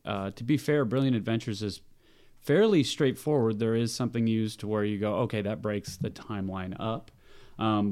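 A man talking as an actor guest, relaxed and enthusiastic, rambling a little. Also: fairly low pitch. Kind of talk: casual chat.

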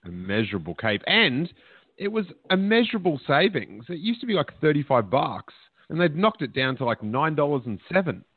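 A man's voice: a little high, very animated, a little fast, husky, dry recording. Podcast host guy rambling and joking, sounds like a phone line, totally dry. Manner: chatty, joking, tells anecdotes. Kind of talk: casual chat.

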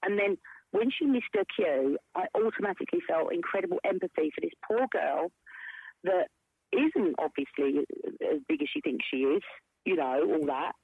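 A middle-aged woman with a husky, slightly breathy voice tells her stories with lively swoops of pitch, leaping high and dropping low. She sounds as if she is on a tinny phone line, close and dry, with no room around her. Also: moderate pace, dry recording. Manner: animated storyteller, swings her voice up and down. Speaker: guest, stage performer. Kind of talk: casual chat.

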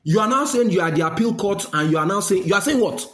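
A man's voice: high-pitched, lively intonation, fast talker, a bit bright, roomy sound, soft background music. A man with a Nigerian accent delivering an angry, scolding rant, slipping into Pidgin phrases.

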